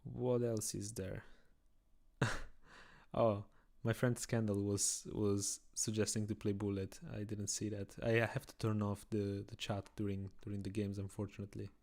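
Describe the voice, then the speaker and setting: A young man from Italian-speaking Switzerland, a native Italian speaker, talks through his chess games on a live stream. His voice is low and gravelly, worn out, and kept quiet so as not to wake anyone nearby. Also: flat delivery, moderate pace. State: tired. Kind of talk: casual live-stream chat while analyzing chess.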